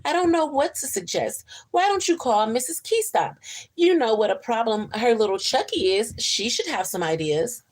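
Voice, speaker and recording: A woman's voice: on the high side, expressive, normal speed, darkish tone. Woman doing a kindly sympathetic neighbor.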